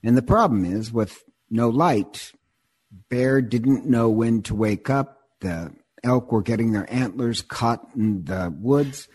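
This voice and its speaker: In casual conversation, a man retells a myth with animation, wandering into digressions and often repeating words. His voice is mid-range and husky, and he speaks slowly.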